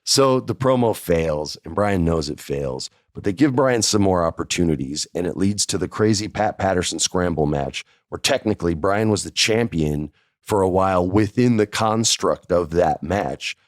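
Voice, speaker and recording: A man's voice: low-pitched, animated, normal speed, no echo, studio quality. A man hosting a podcast, telling a casual first-person story in a chatty way and acting out the dialogue. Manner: chatty, acts out quoted dialogue. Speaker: podcast host.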